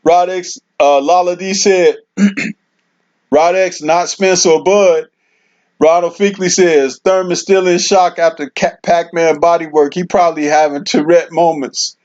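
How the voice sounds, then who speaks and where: A man's voice: fairly high pitch, fairly even intonation, a little slow, a little mellow. A man hosting a casual livestream, reading viewer comments aloud and laughing often. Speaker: livestream host reading chat. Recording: dull lo-fi stream audio.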